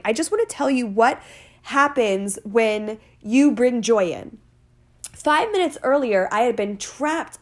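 A woman, hosting a casual motivational podcast in a chatty, playful way. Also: high-pitched. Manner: animated, chatty, playful with swearing and asides. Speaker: podcast host.

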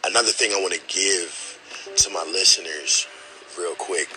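A middle-aged man hosting his podcast, speaking in a halting, emotional way, repeating words and often saying "man" as he holds back tears. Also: deep voice, background noise. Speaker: podcast host. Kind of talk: emotional spoken dedication.

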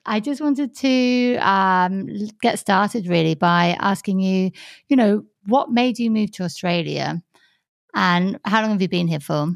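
A woman hosting a podcast, asking questions in a slow, hesitant way. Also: mid-range voice, creaky, no echo, clean studio sound. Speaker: podcast host. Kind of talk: casual interview chat.

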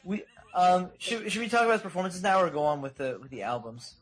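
A young man co-hosting a podcast with a husky, slightly high voice. He is eager and laughs often, and he drifts into little sung or mimicked bits. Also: big pitch swings, fast, a bit bright, faint music behind, rough recording. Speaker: podcast co-host. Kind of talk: casual chat.

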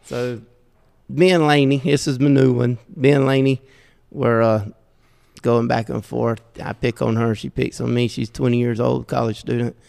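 A middle-aged man with a Southeast Georgia drawl tells self-deprecating stories with a gravelly edge to his voice. He chuckles often as he talks. The sound rings with a long reverb, as if recorded in a large room. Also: mid-range voice, flat delivery, moderate pace, a little mellow. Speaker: podcast guest. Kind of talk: casual storytelling.

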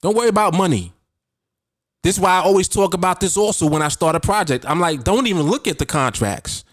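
A trading coach hosting a podcast gives listeners casual motivational talk, pressing his points emphatically and repeating them. His high voice moves briskly, and the studio-quality recording has no echo.

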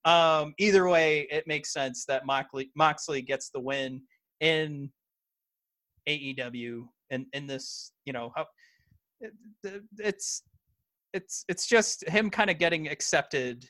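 On a laid-back wrestling podcast, a male co-host talks slowly in a high-side voice that is bright and forceful. Still, he's hesitant, leaning on many fillers and restarts, with no echo in the audio.

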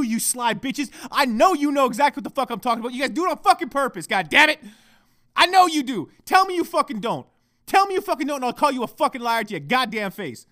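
A young man hosting a podcast, swearing heavily as he rants, going from shouting to hushed muttering. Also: very high-pitched, no echo, clean studio sound. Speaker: podcast host. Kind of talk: profane solo podcast rant.

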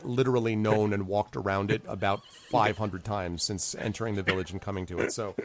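A man's voice: lowish voice, steady tone, a little fast. A man narrating as game master of a tabletop game in a rambling, filler-heavy way. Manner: rambling, many fillers, chuckling.

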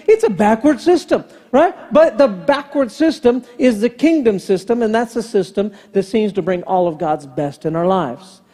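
With a high, mellow voice, a man in his fifties preaches as pastor in a large church hall, telling a family story and acting out what was said. The recording carries the long reverb of the sanctuary.

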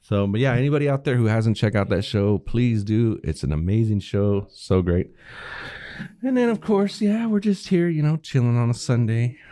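A man's voice: medium pitch, big pitch swings, moderate pace, mellow, no room sound. A man co-hosting a podcast, chatting casually, swearing freely and retelling scenes he watched. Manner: rambling, swears a lot, retells scenes with acted voices. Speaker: podcast co-host. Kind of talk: casual chat.

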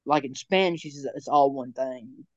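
A young man co-hosting a casual chat, rambling with halting restarts and frequent laughs. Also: medium pitch, dry recording, muffled recording.

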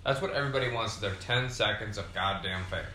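A young man talks on his podcast with a bright, forward tone, loose and a little tipsy from beer. He meanders through his thoughts, swears freely and leans on fillers. The room gives his voice a noticeable echo. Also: on the low side, a little fast, a little hiss or hum. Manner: profane, meandering, frequent fillers. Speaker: podcast host. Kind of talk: rambling casual monologue. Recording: roomy echo.

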